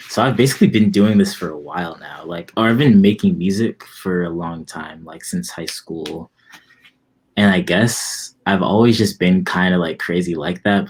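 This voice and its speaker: A young man in his twenties, a musician guest in a casual interview, talking in a relaxed, rambling way with lots of fillers. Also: low-pitched, slightly rough.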